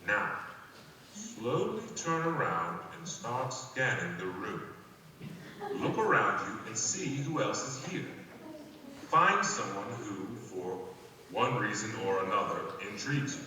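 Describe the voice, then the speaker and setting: A man playing a calm, secretive guide who gives measured, deliberate instructions in a scripted audio play. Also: fairly low pitch, noisy background. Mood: calm, instructive. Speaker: phone play narrator. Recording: echoey hall, voice from far off, faint ambience.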